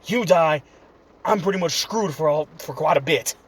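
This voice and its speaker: A man's voice: fairly high pitch, normal speed, husky. A man voicing an irritable male fox spirit sealed inside a boy, talking urgently and bossily, in a casual fan retelling. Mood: urgent, annoyed.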